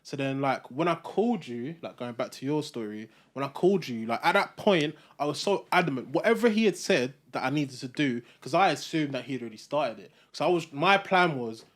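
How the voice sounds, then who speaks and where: A young man co-hosts a relaxed podcast chat. He thinks aloud in a reflective way, with plenty of fillers, and his voice sits at an ordinary middle pitch. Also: brisk, few pauses. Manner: reflective, chatty, with many fillers. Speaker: podcast co-host. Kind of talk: casual chat.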